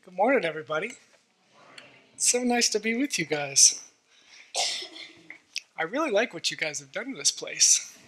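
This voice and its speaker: A man's voice: high voice, lively intonation, moderate pace, pauses often, sharp tone, a little hiss or hum. A man giving a sermon as guest preacher in a church, earnest and conversational, with frequent fillers.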